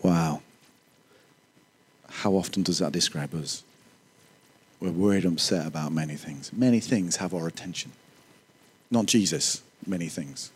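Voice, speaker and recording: A man preaching a sermon, animated, with joking, self-deprecating asides. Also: deep voice, breathy edge.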